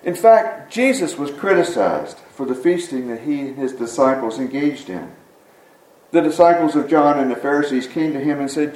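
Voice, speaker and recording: A man's voice: on the high side, expressive, moderate pace, a little mellow. A man preaching a sermon, reading scripture and telling an anecdote in an earnest storytelling delivery. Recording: echoey room, mic at a distance.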